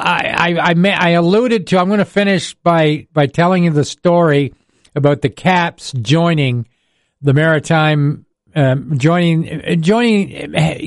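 An older man, spinning a rambling sports story and chuckling as he goes. His voice sits a little high for a man. The sound is close and dry, with no room around it. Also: dry recording. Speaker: radio sports broadcaster and host. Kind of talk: casual storytelling chat.

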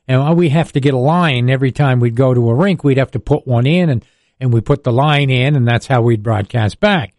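A man's voice: mid-range voice, brisk, darkish tone, no echo, studio quality. An older man, a radio sports broadcaster telling rambling stories in casual chat, chuckling often.

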